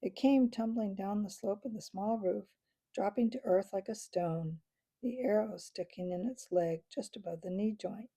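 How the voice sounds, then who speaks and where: A woman reading a children's book aloud with expressive storytelling and small slips. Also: mid-range voice, moderate pace, slightly rough.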